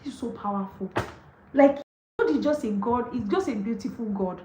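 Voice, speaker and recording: A woman, on the higher side in pitch, hosts a devotional book study. She reads a passage and then gushes over it, with plenty of laughs and fillers like "like" and "okay". Her voice rings in an echoey room. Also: normal speed, slight background noise. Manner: gushing and excited, often laughs, leans on "like" and "okay". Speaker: host of a book study session. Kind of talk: livestreamed devotional book reading and commentary.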